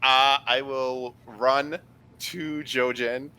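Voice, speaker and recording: A man's voice: medium pitch, level tone, very slow, pushed and bright, smooth, rough recording. A man playing in a tabletop game, talking hesitantly with lots of fillers. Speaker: player. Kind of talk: casual tabletop game play.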